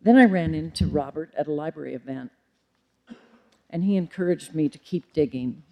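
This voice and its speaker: A librarian in middle age lectures formally to the public, measured but sometimes pausing on an um or fixing her wording. Her mellow voice sits low, with vocal fry.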